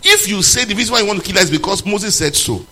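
A man preaching a sermon to a congregation, moving between loud, emphatic questions and low, quiet passages. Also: expressive, fast, poor audio.

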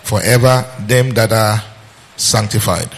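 Lowish-voiced preacher guy, punchy, repeats lines, drags out the scripture bits. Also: unhurried. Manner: emphatic, repeats phrases and quizzes the congregation. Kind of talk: sermon.

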